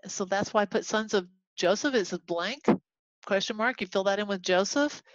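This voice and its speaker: Woman from texas teaching bible class, chatty and animated, dull lo-fi sound. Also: medium pitch, moderate pace, no echo. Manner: animated, acts out quoted voices, chatty asides. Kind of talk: casual Bible lesson to a class. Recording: dull lo-fi recording.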